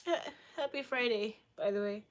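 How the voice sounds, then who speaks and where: A woman's voice: fairly high pitch, normal speed. A young woman from Boston, a livestreamer chatting casually with her chat, playful, teasing and crude in her jokes. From Boston, United States.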